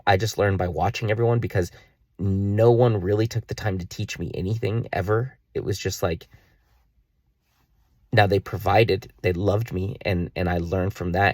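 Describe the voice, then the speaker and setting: A man's voice: on the low side, a little mellow, no echo, clean studio sound. A man in his thirties talking straight to camera in a personal video diary. He scolds himself in an exasperated, rambling way and swears now and then. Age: 30s. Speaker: vlogger.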